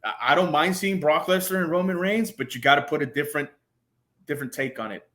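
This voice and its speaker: A man talking casually as a guest on a podcast, excited and profane, with frequent stumbling restarts. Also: fairly high pitch, fast talker. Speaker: guest panelist.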